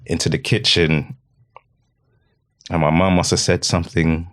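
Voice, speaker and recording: A middle-aged man telling a personal story in an earnest, halting way, often repeating himself. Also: low-pitched, level tone, fairly bright tone. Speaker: podcast guest.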